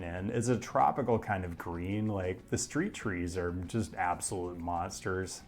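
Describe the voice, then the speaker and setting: A man from the Pacific Northwest with an American accent, giving scripted narration with dry, deadpan humor. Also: sits low. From Pacific Northwest, United States. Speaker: video essayist.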